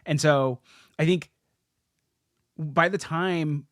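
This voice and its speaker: A young man hosting a casual podcast, retelling old comic stories with lots of "like"s and quick restarts. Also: fairly high pitch, no echo, clean studio sound. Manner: animated storyteller, many "like"s and restarts. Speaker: podcast host. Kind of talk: casual comic-history chat.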